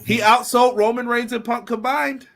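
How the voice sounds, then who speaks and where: A man's voice: extremely high pitch, steady tone, moderate pace, crowd noise. A man co-hosting a casual podcast, chatting loosely and reading viewer comments aloud. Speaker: podcast co-host.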